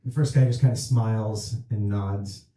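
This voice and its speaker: An actor playing an awkward male horror writer doing stand-up, telling a joke in a halting, deadpan way on a small theatre stage. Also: fairly low pitch, natural voice. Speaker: stand-up comedian. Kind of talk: stage play, stand-up routine. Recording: echoey theatre room.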